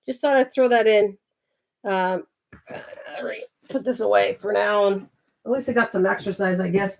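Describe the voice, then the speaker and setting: A woman's voice: medium pitch, normal speed, vocal fry, noisy background. Chatty older woman crafting live. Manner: chatty, thinks aloud, greets viewers by name. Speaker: craft channel host. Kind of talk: casual livestream chat while crafting.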